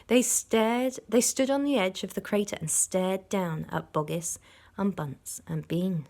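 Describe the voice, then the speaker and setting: A woman, a primary school teacher, reading a storybook aloud to children in an expressive way, stopping to explain words. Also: mid-range voice, measured pace.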